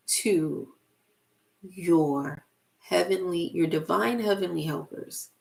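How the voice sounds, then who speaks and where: Slow, gravelly woman giving a spiritual talk. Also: lowish voice. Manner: slow, emphatic, repeating phrases for effect. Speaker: motivational speaker and spiritual life coach. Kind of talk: casual spiritual motivational talk to camera.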